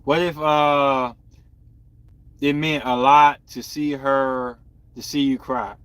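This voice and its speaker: A man's voice: medium pitch, little pitch movement, slow pace, a bit bright, smooth, dry recording. A young man hosting a podcast, talking candidly and loosely with his viewers. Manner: candid, rambling, talks to viewers. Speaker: podcast host. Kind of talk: casual live-stream chat.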